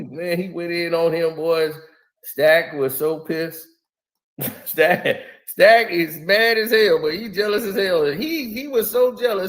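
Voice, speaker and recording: A man hosting a casual live stream chat, talking in animated slang and laughing often. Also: high voice, takes it slowly.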